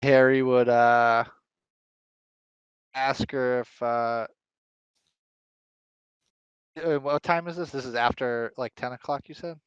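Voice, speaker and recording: A man's voice: medium pitch, steady tone, unhurried, clear, resonant tone, no echo, muffled recording. Hesitant male tabletop player. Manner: hesitant, full of fillers and questions. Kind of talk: casual tabletop play.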